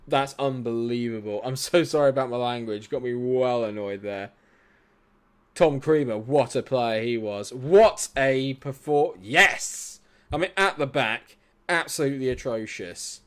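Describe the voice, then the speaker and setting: A young man livestreaming a football management game, with a voice of ordinary pitch. He swears freely and argues with the game and his viewers. His talk swings from low grumbling mutters to sudden shouts. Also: measured pace, clear, resonant tone. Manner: talks back to the game and chat. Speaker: streamer. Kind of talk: live gaming commentary.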